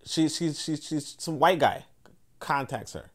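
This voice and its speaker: A man with a slightly raised pitch hosts a podcast in an unscripted monologue. He rambles, restarts his sentences, and fills gaps with "you know" as he talks. He slips into quick voiced-out quotes of other people. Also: animated. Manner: rambling, full of fillers and restarts; acts out others' words in quoted asides. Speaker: podcast host. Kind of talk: casual monologue commentary.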